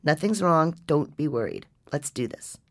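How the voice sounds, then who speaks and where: A woman reading a gentle, reassuring father. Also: deep voice, lively intonation, moderate pace. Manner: reassuring, coaxing. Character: worried father, gentle and steady with his son.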